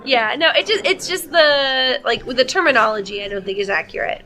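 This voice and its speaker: Woman, podcast co-host, bright voice, wry, deadpan, casual chat. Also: high voice, fairly quick, faint music behind, low-quality recording. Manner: wry, skeptical, deadpan jokes.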